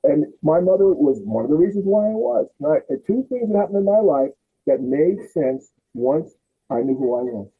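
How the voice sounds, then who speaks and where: Animated older man telling stories. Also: a little high, moderate pace, husky. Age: 60s. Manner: animated, acts out relatives' voices. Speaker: podcast host. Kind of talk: storytelling in casual chat. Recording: tinny phone-like audio.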